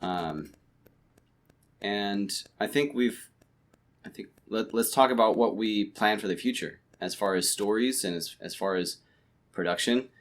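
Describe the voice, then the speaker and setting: A man with a fairly low voice talks through his plans in a relaxed podcast chat at home late at night. He rambles and restarts sentences often, with plenty of fillers. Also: unhurried. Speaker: podcast co-host. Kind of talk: casual chat.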